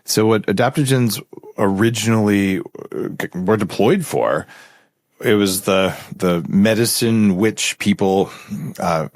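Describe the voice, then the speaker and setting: A middle-aged man hosting a podcast interview, explaining ideas in an animated, conversational way. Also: on the low side, no room sound, clean studio sound. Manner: animated, explanatory, quick asides. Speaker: podcast host.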